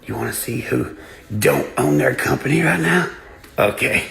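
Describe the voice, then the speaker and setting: A man holds court on his own livestream, swearing freely and boasting. His voice is rough and gravelly, sitting in a middle register. He breaks into laughter often. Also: mid-range voice, very animated, normal speed, a bit bright. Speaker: livestream host. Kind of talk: casual livestream rant.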